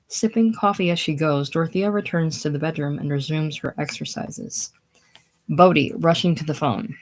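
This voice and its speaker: Low-voiced woman reading stage directions. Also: moderate pace. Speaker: reader.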